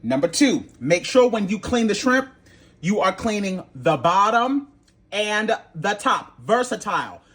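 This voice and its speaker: Sassy man with a higher voice. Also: unhurried. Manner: sassy, blunt and animated, with playful exclamations. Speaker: home cooking channel host. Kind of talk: casual cooking tutorial.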